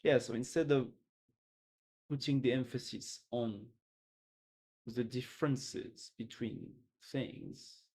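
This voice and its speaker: A man hosting a live stream, reading out dense technical notes at an ordinary middle pitch. He muses as he goes, restarting phrases and trailing off with offhand asides. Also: slow pace, creaky, pauses often, a little mellow, breathy edge. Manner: thinks aloud, restarts, trails off with "or whatever". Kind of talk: casual live-stream commentary, reading aloud.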